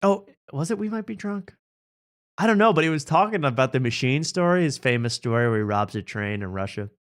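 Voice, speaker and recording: A man's voice: fairly high pitch, lively intonation, a little fast. A man hosting a comedy podcast, reacting to talk show clips with sarcastic jokes and frequent laughter. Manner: sarcastic, jokey, laughing often. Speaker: podcast host.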